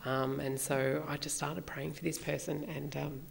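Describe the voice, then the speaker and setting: A woman talks through her own experience in a reflective, halting way. Her voice sits low and carries a gravelly fry, and she often pauses on fillers. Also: flat delivery. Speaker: recovery meeting speaker. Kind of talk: personal sharing talk.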